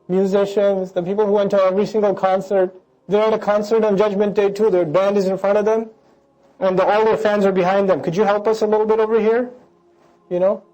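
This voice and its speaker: Man, preacher, scripture lecture, animated, joking, quick talker. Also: sits high.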